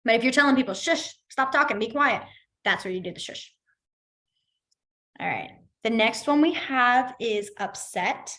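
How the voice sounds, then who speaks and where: A woman's voice: on the high side, expressive, normal speed, fairly bright tone. A woman teaching a beginners' class in a casual, chatty way, explaining with everyday examples and laughing easily. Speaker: sign language instructor.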